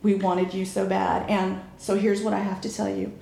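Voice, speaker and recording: Woman doing a smooth-talking male art dealer. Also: mid-range voice, flat delivery, normal speed, mellow. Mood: coaxing. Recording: echoey room, faint noise.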